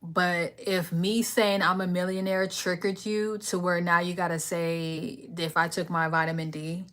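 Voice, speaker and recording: Late at night, a young woman hosting a livestream fires back at a commenter in a sassy, confrontational rant, her voice a bit bright, flat, and a little slow. Between outbursts she drops low, muttering chat messages half under her breath.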